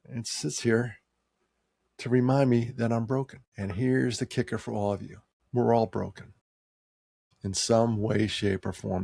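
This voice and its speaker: A man in his sixties tells a personal story, heartfelt and conversational, pushing certain words with rising emphasis. His voice is gravelly with a husky edge, and the recording is dry and close. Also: on the low side, a little mellow, dry recording. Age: 60s. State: tearing up.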